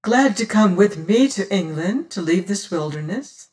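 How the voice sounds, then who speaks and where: A reader softly voicing a tender young noblewoman. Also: mid-range voice, animated, unhurried, natural voice. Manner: soft, archaic old-fashioned speech. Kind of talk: audiobook reading.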